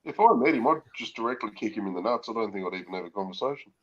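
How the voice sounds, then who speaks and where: A man's voice: fairly low pitch, animated, racing, a little hiss or hum. A man telling crude jokes and stories on a livestream. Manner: storytelling, crude, joking. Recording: dull lo-fi audio.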